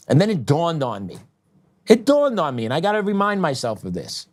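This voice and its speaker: A middle-aged man hosting a political talk show, ranting heatedly, with loud outbursts that drop into quieter reflection and frequent laughs. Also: on the high side, wildly swooping pitch, a little fast. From United States.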